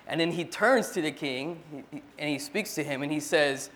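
A man's voice: fairly high pitch, normal speed, a bit bright, slight background noise. A man at a church meeting, earnestly retelling a Bible story in a casual sharing style, often restarting his sentences.

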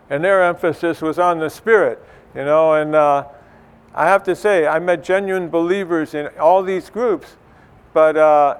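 A middle-aged man teaching in church in a loose, conversational way, full of fillers and restarts. His voice is smooth and resonant and sits a little high for a man. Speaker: church speaker.

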